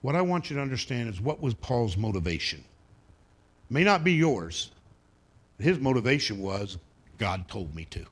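A man with a husky, slightly breathy voice delivers a sermon from the pulpit. He is a pastor who tells stories in a folksy, conversational way and drops wry asides to his congregation. His pitch sits in the ordinary middle range for a man. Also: sing-song, normal speed, pauses often.

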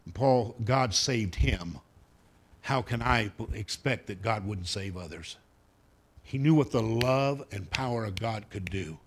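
A man's voice: on the low side, expressive, measured pace, a little hiss or hum. A male pastor preaching a sermon, telling a personal story in a folksy way with humorous asides to his congregation.

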